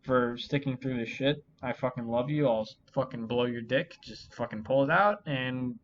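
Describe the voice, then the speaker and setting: A man's voice: medium pitch, normal speed, a little hiss or hum. A drunk man hosting a solo vlog, rambling and swearing constantly, frustrated and self-pitying. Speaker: channel host. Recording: dull lo-fi recording.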